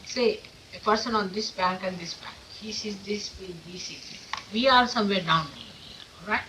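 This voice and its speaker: Speaking at a moderate pace in a medium-pitched voice, a woman teaches followers informally in an ashram's meeting room. Her manner is emphatic, full of rhetorical questions, and the 1979 tape recording is distant with faint hiss.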